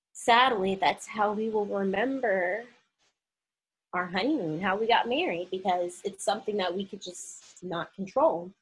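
A young woman shares a personal story in a candid, emotional way. Her voice sits at an ordinary middle pitch, and her pace keeps shifting between quick rushes and slow, careful words. She brings the people she quotes to life with their own voices. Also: a bit bright, slightly rough, low-quality recording.

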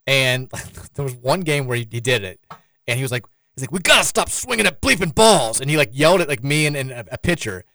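Male sports radio host, quick delivery and sarcastic edge, close dry studio sound. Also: medium pitch, bright, forceful tone, no room sound. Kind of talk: casual sports talk.

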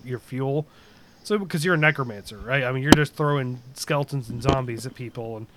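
A man's voice: fairly high pitch, fairly bright tone. A man chatting casually about a video game, rambling with lots of fillers and restarts.

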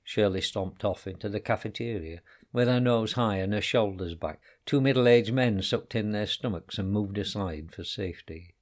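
A man narrating a short story in a calm, measured reading voice. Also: fairly low pitch.

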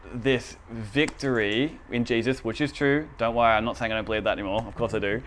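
A man's voice: mid-range voice, steady tone, a little fast, hardly any pauses, fairly bright tone. Casual chatty male church teacher. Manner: chatty and informal, asks the audience for agreement. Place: church room with a blackboard.

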